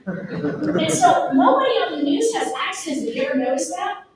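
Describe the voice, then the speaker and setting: High-voiced Texan woman in an echoey room. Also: normal speed, recorded from a distance, slight background noise. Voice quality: lively and emphatic, addressing the crowd directly. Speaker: speaker at a real estate event. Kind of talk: motivational talk to an audience. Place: event room.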